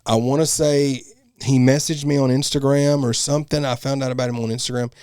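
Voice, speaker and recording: A rapper chats on a podcast in a relaxed, halting way and often stops to search for words. His pitch is mid-range, and the recording is dry and close. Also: clean tone, no echo. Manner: relaxed, halting, lots of fillers. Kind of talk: casual podcast chat.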